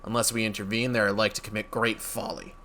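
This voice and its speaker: A man's voice: lowish voice, little pitch movement, bright, forceful tone, a little hiss or hum. A man doing a grave old elder. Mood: solemn. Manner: grave, measured, archaic speech. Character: weary older male elder leader, solemn.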